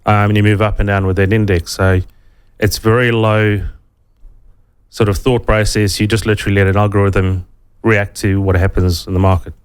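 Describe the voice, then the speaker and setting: A man with a South African accent, a financial adviser explaining investing in a relaxed way, with many ums, in a radio interview. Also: lowish voice, moderate pace, clean tone.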